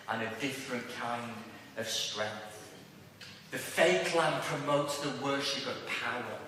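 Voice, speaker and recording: A man's voice: medium pitch, bright, forceful tone, slight background noise. A man with a Liverpool accent preaching a sermon to a congregation in a church hall. He speaks emphatically and puts rhetorical questions to his listeners. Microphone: distant room mic. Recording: echoey church hall from far off.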